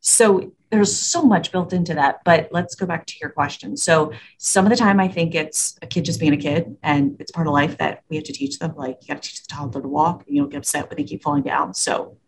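Speaking briskly with few pauses, this school administrator and parenting educator has a low-pitched voice. Slight background noise is present. She chats casually with an interviewer about kids and parents, bringing the quoted exchanges to life as she tells them.

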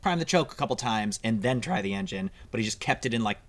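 A man on a podcast in casual chat, rambling and self-deprecating, with sudden leaps up in pitch as he talks. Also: expressive, quick pace. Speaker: podcast co-host. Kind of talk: casual chat recapping a TV episode.

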